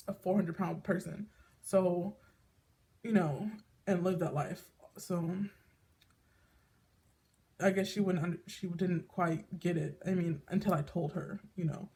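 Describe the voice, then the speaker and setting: A woman's voice: fairly low pitch, steady tone, a little slow, long pauses, darkish tone, slight background noise. A woman talking candidly in a personal vlog, rambling with lots of fillers and restarts, emotional enough to tear up. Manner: emotional, tearing up at times. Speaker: vlogger.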